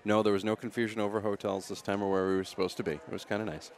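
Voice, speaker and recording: A man hosting a live radio broadcast from a local event, with brisk, upbeat announcer patter. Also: lowish voice, level tone. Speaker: radio host on location.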